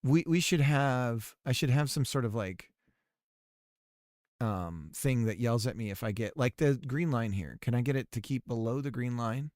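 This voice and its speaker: A man's voice: medium pitch, normal speed, no room sound, studio quality. Rambling, jokey male game dev streamer. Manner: rambling and jokey, shifts between loud projecting and soft normal voice. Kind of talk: casual live-stream chat while coding.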